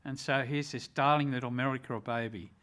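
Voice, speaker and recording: Older Australian man, retired rescuer, earnest and measured storyteller. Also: mid-range voice, steady tone, fairly bright tone. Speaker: retired rescue officer, ambulance chaplain. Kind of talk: personal storytelling.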